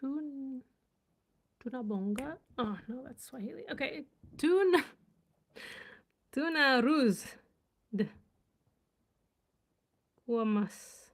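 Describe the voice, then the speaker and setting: A woman's voice: high voice, lively intonation, extremely slow, pauses often. A woman language vlogger chatting casually as she reads and sounds out unfamiliar words, curious and laughing at herself. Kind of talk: casual live reading and chat.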